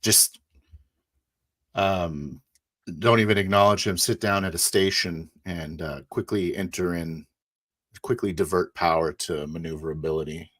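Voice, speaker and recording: Brief: low male voice, tabletop player in character, halting action description. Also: fairly even intonation, a bit bright, dry recording. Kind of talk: in-character tabletop role-play.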